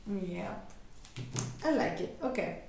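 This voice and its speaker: A woman's voice: fairly low pitch, expressive, takes it slowly, vocal fry, a little mellow, heavy reverb, a little hiss or hum. A young woman giving a casual tarot reading, chatty and giggly, acting out little quoted voices. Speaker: tarot reader.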